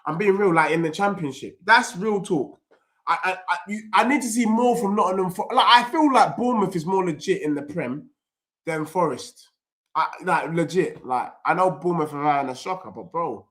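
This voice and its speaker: An excitable young man, reacting live to a football match and bantering with his chat in heavy street slang. His voice sits a touch high for a man. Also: normal speed. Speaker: football streamer.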